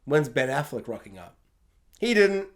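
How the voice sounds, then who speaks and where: A man casually reviewing a film, excitable and jokey, acting out reactions as he talks. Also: medium pitch, normal speed. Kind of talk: casual spoiler review to camera.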